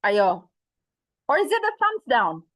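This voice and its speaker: A woman teaching over a video call has a slightly high, bright voice with huge pitch swings, speaking a little slowly. She quizzes her online students with questions and mixes in phrases of Indonesian.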